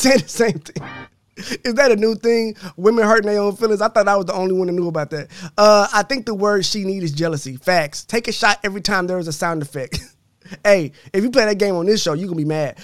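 A man's voice: high voice, fast, fairly bright tone, no echo, clean studio sound. A man hosting a podcast, reading listener comments aloud in a blunt, profane, laughing casual chat. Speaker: podcast host.

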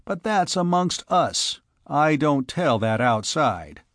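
A man reading an audiobook, voicing a big, gruff but good-natured chief. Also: on the high side, big pitch swings, takes it slowly, dry recording, studio quality, voice pushed up, heavily acted.

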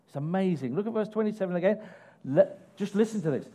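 A male preacher delivers an animated sermon and keeps putting rhetorical questions to his listeners. His voice sits high, moves over a wide range, and has a mellow tone. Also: fast. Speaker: pastor.

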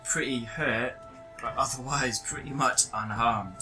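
A man narrating a tabletop horror game as game master, halting with many pauses and restarts. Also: mid-range voice, bright, forceful tone, faint music behind, low-quality recording.

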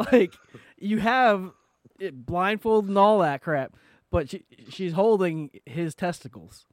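Male co-host, slightly high voice, playful and giggly, dry close sound. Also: slow, no echo. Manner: joking, giggly. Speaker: podcast co-host. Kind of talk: casual podcast chat.

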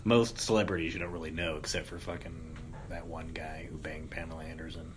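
A man's voice: extremely low pitch, level tone, brisk, a crowd in the background. A man in his thirties hosting a podcast, bantering loosely with a guest, joking and swearing freely. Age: 30s. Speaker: podcast host. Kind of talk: casual podcast chat.

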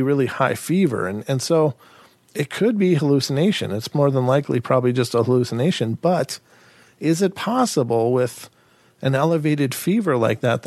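Podcast host, male, mid-pitched, dry close sound, thinks aloud with rhetorical questions. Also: a little mellow, no room sound. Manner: musing, rhetorical questions, many restarts. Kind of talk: casual storytelling and sign-off.

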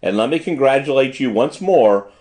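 Man reading fussy middle-aged manager, formal, gushing, lively pitch, audiobook. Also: moderate pace, natural voice.

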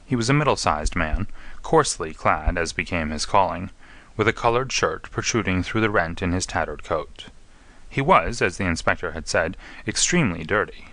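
Deep, crisp man reading a classic story. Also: sharp tone, dry recording. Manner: measured, distinct reading with voices for each character. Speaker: audiobook narrator. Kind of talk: scripted narration of a classic detective story.

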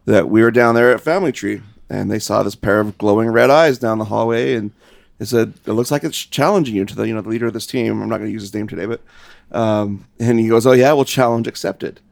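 A man's voice: fairly low pitch, quick pace, creaky, no room sound. A man, co-host and paranormal investigator, talking earnestly in casual chat and repeating words for emphasis.

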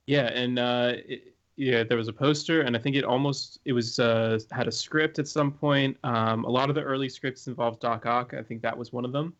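A man with a mid-pitched voice who lays out facts steadily in casual podcast chat, pausing on small fillers. His mic sounds dull and lo-fi. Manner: informative, steady, with ums. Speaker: podcast co-host.

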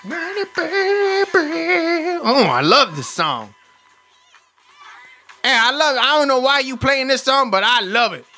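A man voicing a hot-tempered, profane, streetwise caller on a prank phone call, loud and animated, swinging from rage to sweet talk. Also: extremely high pitch, normal speed, pauses often, faint music behind, full character voice. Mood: boisterous.

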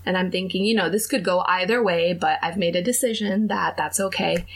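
A woman's voice: fairly low pitch, brisk. A young adult woman on a podcast telling a dating story in casual chat, acting out the other people's lines. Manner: animated, acts out quoted dialogue.

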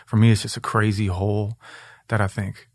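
A man's voice: fairly low pitch, little pitch movement, normal speed, no echo, studio quality. A man in his thirties from Minneapolis, a guest on a podcast, telling personal stories candidly and with lots of swearing. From Minneapolis, USA. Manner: candid, profane storytelling. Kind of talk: casual interview chat.

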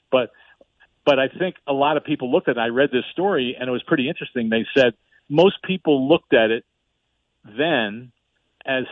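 A man co-hosting a sports radio show in casual talk, speaking haltingly with many restarts. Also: mid-range voice, dry recording. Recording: dry, tinny phone-line sound.

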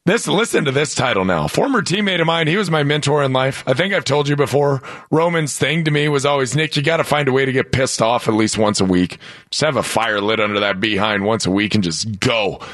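A man's voice: medium pitch, a little fast, no room sound, clean studio sound. A man hosting a sports talk radio show, joking and telling stories in casual banter. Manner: joking, animated storyteller.

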